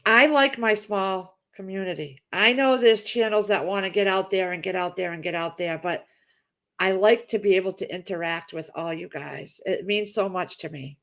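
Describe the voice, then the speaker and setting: A woman's voice: mid-range voice, moderate pace, creaky, a bit bright. A middle-aged woman chatting casually on a livestream, reading out viewer comments and gushing over them. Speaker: livestream host.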